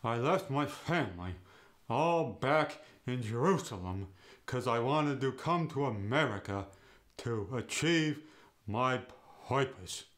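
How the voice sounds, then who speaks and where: An actor playing a grumpy middle-aged man with a Yiddish accent, demonstrating the accent with a slow, drawling, lilting delivery. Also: mid-range voice, lively intonation, fairly bright tone. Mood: demonstrative. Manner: slow and drawling, with a rising then falling lilt.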